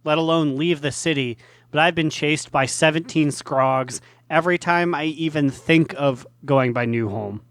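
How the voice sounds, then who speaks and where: A man co-hosts a casual gaming podcast in a relaxed, joking manner. His voice sits fairly high, and the recording is close and dry. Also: normal speed, dry recording. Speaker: podcast co-host.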